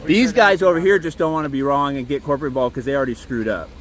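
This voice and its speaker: A man's voice: medium pitch, fast talker, a little hiss or hum. A man in his truck, filming on his phone and indignantly recounting a dispute with staff, swearing freely as he rambles. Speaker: campground guest in a dispute. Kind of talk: agitated recounting to a phone camera.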